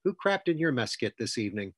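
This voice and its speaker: A man voicing a gruff, bossy male squirrel fay who scolds briskly. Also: mid-range voice, sing-song, dry recording. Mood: scornful.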